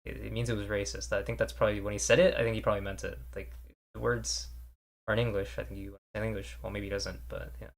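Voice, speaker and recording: A man's voice: fairly low pitch, little pitch movement, fast, gravelly. A man streaming and reacting to news clips, casual and offhand, swearing a lot and mumbling asides. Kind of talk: casual live commentary.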